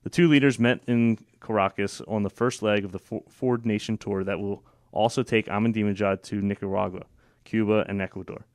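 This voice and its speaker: A man's voice: on the low side, fairly even intonation, a little fast, dry recording. A man hosting a political talk show, opinionated and sarcastic, with frequent fillers and restarts. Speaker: radio show host.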